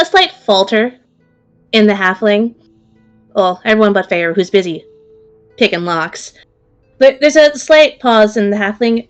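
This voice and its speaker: A woman serving as game master, narrating a tabletop game in a lively, casual way with fillers. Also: a little high.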